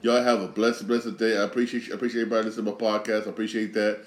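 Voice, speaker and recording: A man's voice: on the low side, little pitch movement, rapid-fire, roomy sound, a little hiss or hum. A man hosting his own podcast, rambling casually, repeating phrases and swearing freely as he talks. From Connecticut. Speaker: podcast host. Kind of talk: casual solo podcast monologue.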